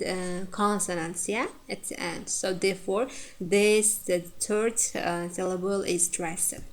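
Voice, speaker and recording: A woman teacher lecturing on word stress, repeating each example word and pausing on frequent fillers. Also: medium pitch. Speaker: English phonetics teacher.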